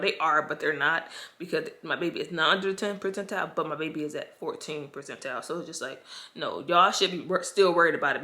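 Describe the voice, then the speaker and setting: A woman's voice: lowish voice, pushed and bright. A woman vlogging straight to camera. She is stressed and overwhelmed, and she talks to her viewers in an emotional, frustrated and anxious way, often calling them "y'all.". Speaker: pregnancy vlogger. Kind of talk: casual talk to camera.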